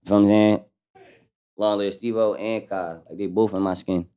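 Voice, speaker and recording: Low-voiced man telling stories casually. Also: fairly even intonation, moderate pace, warm tone, smooth. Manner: slangy, loose, full of fillers. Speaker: rapper guest. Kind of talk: casual podcast storytelling.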